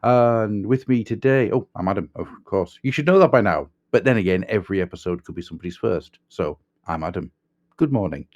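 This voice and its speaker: A man's voice: lowish voice, lively intonation, fairly quick, darkish tone, lo-fi sound. A man hosting a podcast in casual chat, playful and jokey with silly asides. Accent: Cumbrian-Irish mix. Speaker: podcast host.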